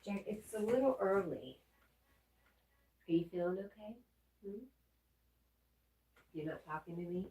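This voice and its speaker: In an easygoing early-morning livestream from her home, a woman with a mellow, medium-pitched voice speaks unhurriedly, leaving long pauses. She reads viewer comments and coos baby talk at her dog, recorded roomy with a far-off mic.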